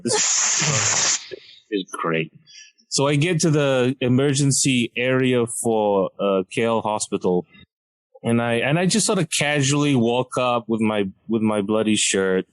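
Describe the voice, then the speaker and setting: A man's voice: medium pitch, unhurried, no echo, rough recording. Man telling a comic story. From Malaysia. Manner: animated, laughs mid-sentence, self-mocking. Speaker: podcast guest, comedian. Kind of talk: comedic storytelling.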